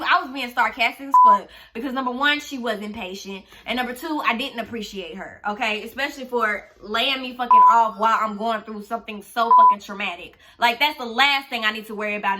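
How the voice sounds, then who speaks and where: A young woman vents in a casual storytime vlog, blunt and sarcastic, with frequent swearing. Her voice sits high and rings very bright. She talks straight to her viewers like a friend. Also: normal speed, slight background noise. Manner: blunt and profane, venting with sarcasm. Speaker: vlogger telling a story.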